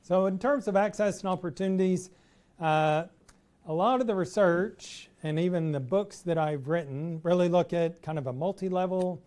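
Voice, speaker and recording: A middle-aged man with a Texas accent giving an academic talk to an audience in a relaxed, conversational way with frequent "uh" fillers. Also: high voice, normal speed. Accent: Texan. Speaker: professor giving an installation talk.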